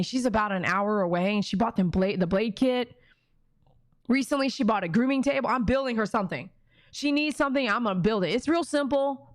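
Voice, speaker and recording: A woman on a livestream, reading viewer comments aloud and talking straight to her fans in an animated, emotional way. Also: mid-range voice, no echo. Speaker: dog groomer and YouTuber.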